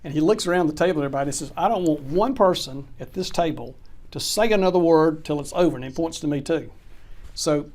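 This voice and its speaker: A man's voice: fairly high pitch, fast talker. A middle-aged man, a closing attorney telling an anecdote in an interview and acting out the dialogue. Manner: animated anecdote teller, acts out quoted dialogue. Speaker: real estate closing attorney. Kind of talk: storytelling in an interview.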